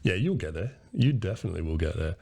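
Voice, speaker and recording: A man's voice: deep voice, big pitch swings, fast talker, vocal fry, warm tone, slightly rough. A man with an Australian accent chatting casually, encouraging and matey, with lots of "you know". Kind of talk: casual chat.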